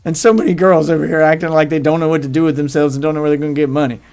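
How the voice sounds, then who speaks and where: A man's voice: fairly high pitch, steady tone, very fast, a little mellow. A man hosting his livestream, telling crude rambling stories in casual chat with faint music behind him. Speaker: livestream host.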